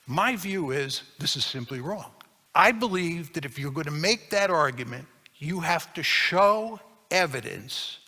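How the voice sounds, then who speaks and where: A man's voice: fairly high pitch, sharp tone, big-room sound. A man giving a public lecture, arguing his points emphatically and repeating key phrases for stress.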